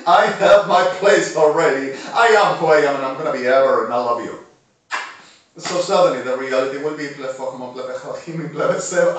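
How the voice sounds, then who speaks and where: A man, delivering a rambling monologue to camera and veering from low muttering to shouting. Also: distant mic. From Argentina. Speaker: vlogger. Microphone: phone camera. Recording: echoey room, voice away from mic.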